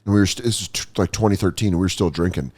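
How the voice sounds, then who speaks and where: A man's voice: deep voice, rapid-fire, breathy edge. A man hosting a podcast, chatting casually and acting out voices in his stories. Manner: animated storyteller, acts out quoted voices. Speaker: podcast host. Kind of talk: casual chat. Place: podcast studio.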